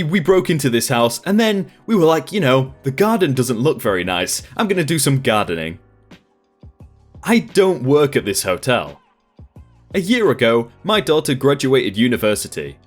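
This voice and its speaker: Lively man narrating online stories. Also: fairly high pitch. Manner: lively, expressive reading. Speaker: storytime channel host.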